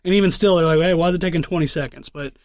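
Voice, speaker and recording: Heavy swearing runs through the rambling stories this young podcast co-host tells in casual conversation. His voice is on the high side and racing, captured in studio quality without any room sound.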